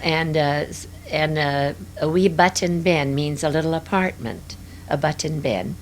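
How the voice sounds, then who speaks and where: Gravelly low-voiced older woman reminiscing. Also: a little slow, a little hiss or hum. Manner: rambling, hesitant, many fillers. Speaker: interviewee. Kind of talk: reminiscing interview.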